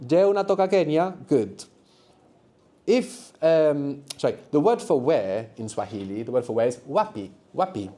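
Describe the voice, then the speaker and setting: A man's voice: a little high, lively intonation, normal speed, dark tone. A man teaching a live beginners' language workshop, patiently explaining and prompting students to answer.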